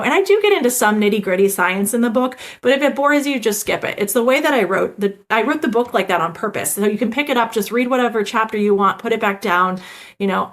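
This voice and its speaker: A woman's voice: on the high side, a bit bright. A woman, an emergency physician, chatting in an interview over a video call, talking casually with many fillers and restarts. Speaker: emergency physician and author, guest.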